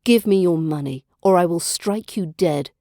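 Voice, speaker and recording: Lady doing a mean young tailor guy from a fairy tale, rp british, pushy and loud. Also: on the low side, normal speed, dry recording, studio quality, natural voice. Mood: threatening. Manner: threatening, forceful. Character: desperate, violent young male tailor's apprentice.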